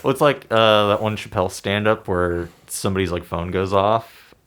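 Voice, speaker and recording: A man co-hosting a podcast in casual chat, making crude jokes in a deadpan way. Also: fairly low pitch, moderate pace, clean tone. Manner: joking, crude deadpan asides. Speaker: podcast co-host.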